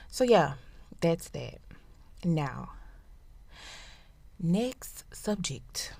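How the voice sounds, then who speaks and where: A woman's voice: mid-range voice, dry recording. A young woman hosting her own podcast in a casual, playful chat, speaking straight to her listeners and jumping between tangents. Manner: animated, playful, talks to listeners directly, quick tangents. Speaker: podcast host.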